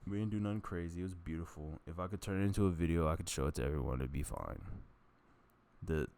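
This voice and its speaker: A young man talks to a camera in a wandering, unscripted way, restarting sentences and laughing at his own stories. His voice sits very low and has a gravelly fry to it. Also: fast talker, a little mellow. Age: young adult. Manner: meandering, self-interrupting, laughs at own stories. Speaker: vlogger. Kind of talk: rambling casual monologue. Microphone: camera mic.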